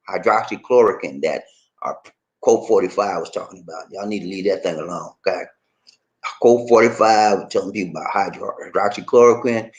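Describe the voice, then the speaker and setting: A man hosting a livestream, chatting casually and reading viewer comments aloud in an animated, laughing, drawling way. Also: sits low. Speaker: livestream host.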